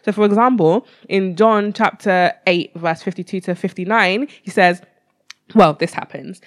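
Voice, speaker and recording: A woman in casual conversation who talks through Bible passages, reading verses aloud and explaining them with lively slang. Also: medium pitch, normal speed, no room sound, clean studio sound. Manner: animated, slangy, reads scripture aloud.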